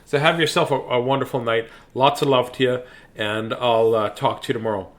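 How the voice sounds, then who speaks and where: A man hosting a bedtime story video, hoarse, talking in a playful, silly way with pirate growls. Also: medium pitch, steady tone, a little fast. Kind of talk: casual bedtime sign-off to viewers.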